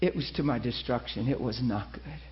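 A man preaching a personal testimony to a class, animated and emphatic, swinging between loud and hushed. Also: mid-range voice, a little fast. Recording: dull lo-fi recording.

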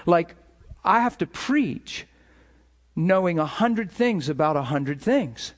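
A pastor with a high voice preaches slowly in a conversational, animated style, laughing between points and voicing imagined thoughts in a hush.

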